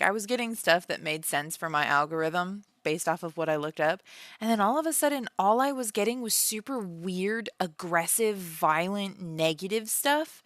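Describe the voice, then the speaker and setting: A woman's voice: lowish voice, no room sound, clean studio sound. Chatty woman livestreaming from home. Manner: chatty, animated, laughs often, many fillers. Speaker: livestream host and author. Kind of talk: casual livestream chat.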